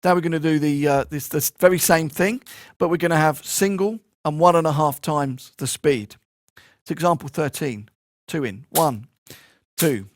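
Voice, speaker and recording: Male percussion teacher, fairly high voice, dry close mic, talks through then recites syllables crisply. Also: normal speed, no room sound. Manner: explains plainly, then recites rhythm syllables in loud crisp bursts. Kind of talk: instructional konnakol lesson.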